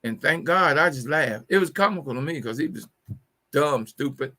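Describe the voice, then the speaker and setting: A man's voice: fairly high pitch, animated, moderate pace, pushed and bright. A middle-aged man hosting a live call-in show, telling jokes casually, repeating his punchlines and stumbling over words. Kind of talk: casual humorous talk.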